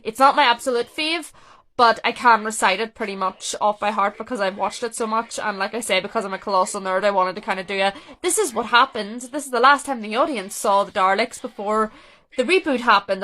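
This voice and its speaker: A young woman vlogger reacting to a rewatch in casual, chatty commentary. She is excitable and opinionated, and her sentences restart and interrupt themselves. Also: mid-range voice. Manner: excitable, talks fast with restarts and self-interruptions; opinionated, emotional fan.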